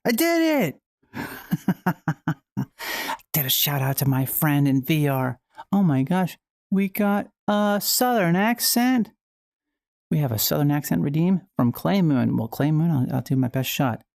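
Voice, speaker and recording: A woman's voice: deep voice, a little slow, gravelly, pauses often, darkish tone, no room sound, studio quality. A woman hosting a casual livestream at home while playing VR, rambling and playful with frequent restarts. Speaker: livestream host.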